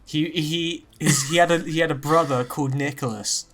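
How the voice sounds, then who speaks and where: A man chatting on a podcast in a slightly high voice. He swears freely and keeps breaking into mocking voices of the people he talks about. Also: steady tone, moderate pace, a bit bright. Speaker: podcast host. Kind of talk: casual podcast chat.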